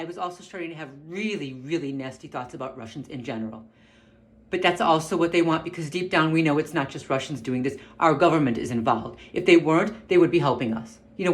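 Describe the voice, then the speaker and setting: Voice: medium pitch, a bit bright. A tense speaker rants straight into the camera mic, upset and close to boiling over. The voice is held in check, with words tumbling out, restarts and repeated phrases. This is a personal vlog rant with the anger kept just under the surface. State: upset, on the verge of an outburst. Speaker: vlogger.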